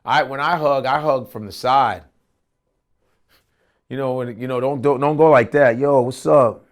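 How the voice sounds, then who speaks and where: A man's voice: medium pitch, normal speed. A man, a comedian guest, telling stories and acting out voices with lots of profanity. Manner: profane, jumps into exaggerated impressions. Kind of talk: animated storytelling with acted-out voices.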